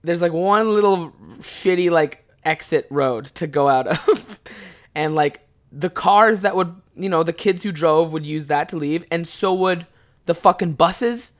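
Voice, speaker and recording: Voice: medium pitch, unhurried. A podcast host in their twenties, telling a long rambling story in a casual, swear-heavy way, often breaking into laughs. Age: 20s.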